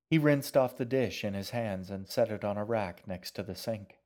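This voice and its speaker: Low-voiced man reading a novel aloud. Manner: measured, even storytelling. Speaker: narrator. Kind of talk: audiobook narration.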